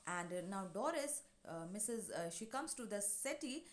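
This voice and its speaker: A woman's voice: mid-range voice, sing-song, normal speed. A woman teacher, explaining a play to her class and recapping scenes with many fillers and hesitations.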